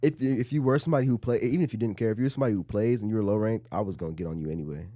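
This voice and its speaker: A young man co-hosting a casual podcast, telling stories quickly with lots of slang. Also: on the low side, no echo, studio quality. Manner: fast, animated storytelling with slang. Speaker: podcast co-host. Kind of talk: casual chat.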